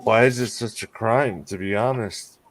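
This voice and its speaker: A man's voice: lowish voice, moderate pace. A man co-hosting a casual podcast in a laid-back way, dropping short asides and often ending with "man.". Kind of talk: casual chat.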